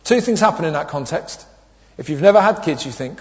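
A man in his thirties preaches with a high, light voice, telling funny stories and voicing the people in them. The sound is dull and lo-fi, with a long echo of a church hall. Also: animated, brisk, darkish tone. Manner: humorous storytelling with acted quotes. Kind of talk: sermon.

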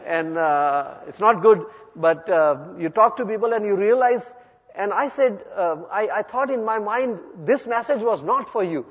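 A man, a pastor telling a testimony in an earnest, halting way with many pauses and fillers. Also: high voice, slightly rough. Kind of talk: testimony storytelling. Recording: echoey hall, dull lo-fi sound.

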